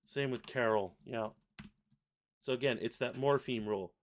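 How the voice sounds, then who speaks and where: A man hosting a live software tutorial, thinking aloud and correcting himself as he works. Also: medium pitch, moderate pace. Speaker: software livestream host. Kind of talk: casual live software demo.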